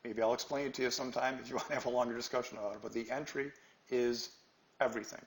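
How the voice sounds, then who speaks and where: A man's voice: mid-range voice, fairly even intonation, rapid-fire, roomy sound, rough recording. A man teaching a live trading class, emphatic and quizzing his students with questions. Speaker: trading instructor.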